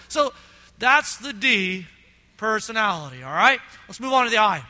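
A man's voice: very high-pitched, lively intonation, brisk, sharp tone. A middle-aged man preaching a sermon to his congregation, telling stories animatedly and often checking in with "all right?". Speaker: pastor. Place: church sanctuary. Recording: long reverb of a church hall.

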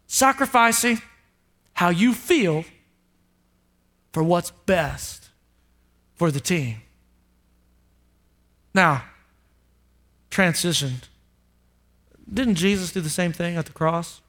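High, bright-voiced emphatic preacher man. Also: expressive, takes it slowly, long pauses. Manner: emphatic, with many rhetorical questions to the congregation. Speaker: pastor. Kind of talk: sermon.

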